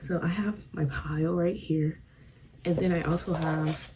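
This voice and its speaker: Chatty young woman, low-key mellow voice. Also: moderate pace, a little hiss or hum, poor audio. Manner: chatty, rambling, many "like" fillers. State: a bit out of breath. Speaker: book vlogger. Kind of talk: casual vlog chat. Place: room at home with a fan running. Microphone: camera on a stand.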